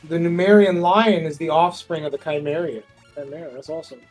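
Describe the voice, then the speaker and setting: A man's voice: a little high, fairly even intonation, a little fast, a little mellow, faint music behind. A man explaining game lore in a nerdy way during casual gaming chat.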